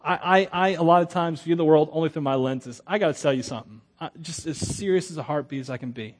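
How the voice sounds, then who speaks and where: High-voiced animated male preacher. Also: fast talker. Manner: animated, acts out quotes with humor, stammering restarts. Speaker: pastor. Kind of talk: sermon.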